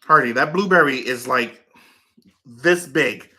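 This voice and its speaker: A man's voice: medium pitch, a little slow, bright, forceful tone. A man hosting a casual livestream, rambling with lots of fillers and turning aside to talk to his dog and his viewers. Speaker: livestream host.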